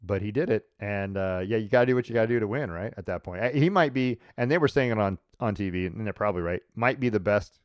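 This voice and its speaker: A man hosting a sports talk show in a loose, rambling way. His voice sits a bit low. The sound is dry and close, with no room echo. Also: quick pace, few pauses, lo-fi sound. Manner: rambling, with frequent restarts and laughs. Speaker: sports podcast host. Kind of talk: casual sports chat.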